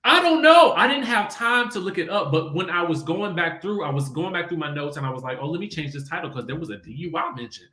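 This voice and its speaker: A man hosting a casual reality-TV chat show, animated and quick to laugh. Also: fairly high pitch, reverberant. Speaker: podcast host.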